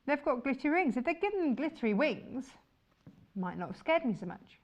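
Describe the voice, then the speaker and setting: A woman's voice: high-pitched, sing-song, brisk, muffled recording. A woman presenting fabrics on a shopping channel, chatty and enthusiastic. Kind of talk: chatty live sales presentation.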